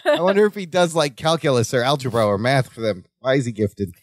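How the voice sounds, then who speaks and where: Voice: medium pitch, brisk, dry recording, studio quality. A podcast co-host chatting casually about a sitcom, joking, laughing often and quoting characters in put-on voices. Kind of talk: casual recap chat.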